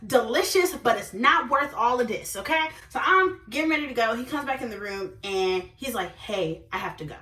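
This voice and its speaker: A young woman tells a story to her viewers in a casual, animated way, her pitch swinging high and low. Her voice is bright and fairly high. She sounds set back from the mic in a roomy space. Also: normal speed, few pauses. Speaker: vlogger. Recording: roomy, from a distance.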